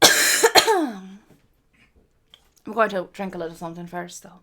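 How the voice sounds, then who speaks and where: Slow-talking woman host, swears freely. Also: mid-range voice, very animated, bright, forceful tone. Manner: rambling, swears freely, self-mocking. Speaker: livestream host and singer. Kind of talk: casual chat between songs.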